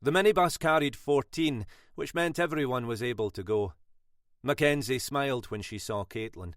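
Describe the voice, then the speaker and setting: A man narrates a thriller audiobook from a script, keeping a measured, expressive delivery. The mid-range voice is captured in clean studio sound without room tone.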